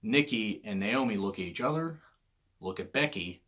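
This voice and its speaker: A man giving casual solo commentary on wrestling, rambling and correcting himself, often clearing his throat. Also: fairly low pitch, expressive, moderate pace, fairly bright tone.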